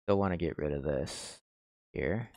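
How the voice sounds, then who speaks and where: A man's voice: a bass voice, lively intonation, a little slow, a little mellow, no room sound. A man producing music on a stream, thinking aloud in a laid-back, slangy way and muttering half-finished thoughts as he works. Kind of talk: casual thinking-aloud commentary while mixing.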